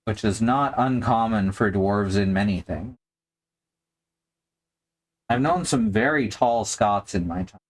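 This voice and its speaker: A man hosts a relaxed live stream while he paints miniatures. He rambles, jokes and thinks aloud. His voice sits fairly low and his pace is unhurried.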